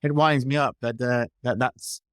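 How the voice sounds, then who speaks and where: A British man talking as a podcast guest in a lively, opinionated way, with many restarts. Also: medium pitch, normal speed, clean tone, no echo, clean studio sound. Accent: British English. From Britain. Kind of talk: casual interview chat.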